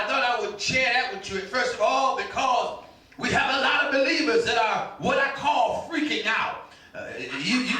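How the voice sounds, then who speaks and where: A male pastor preaching a sermon with fervent shouting and half-sung lines, often stumbling over repeated starts. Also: extremely high pitch. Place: church sanctuary. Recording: very echoey room, mic at a distance.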